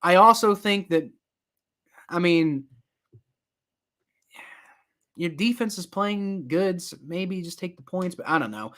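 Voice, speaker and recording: A young man giving casual live play-by-play reaction to a football game, rambling with many fillers and getting loud and exasperated at times. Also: sits high, animated, unhurried. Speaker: sports reaction streamer.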